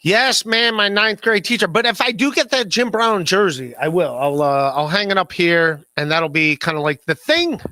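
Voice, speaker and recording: A man's voice: sits high, animated, moderate pace, few pauses, pushed and bright, dry recording. A man hosting a casual podcast livestream, rambling and self-deprecating as he reads chat messages, laughing often and stammering on repeated words. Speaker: podcast host.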